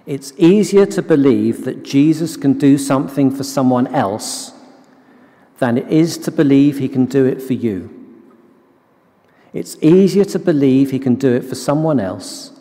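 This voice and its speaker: A man preaching a sermon in a slow, measured, earnest way, repeating key phrases. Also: medium pitch, lively intonation, dark tone, in a large hall.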